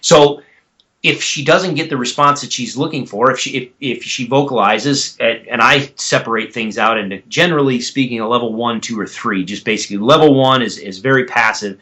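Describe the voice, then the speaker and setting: A man's voice: medium pitch, fairly quick, sharp tone. A man, a guest expert on a podcast, explaining things in a methodical, teacherly way. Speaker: guest expert on elk calls. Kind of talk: explanatory interview talk.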